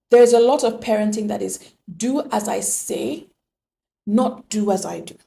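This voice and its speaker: A woman's voice: mid-range voice, vocal fry, warm tone. A woman giving an earnest, emphatic motivational monologue on relationships, full of rhetorical questions. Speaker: relationship speaker.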